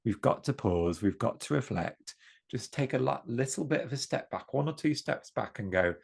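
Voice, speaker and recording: A man's voice: medium pitch, expressive, normal speed, creaky, husky. A man, a podcast guest speaking earnestly and reflectively, often restarting his sentences in casual conversation. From East Midlands, England. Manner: earnest and reflective, with frequent restarts and self-corrections.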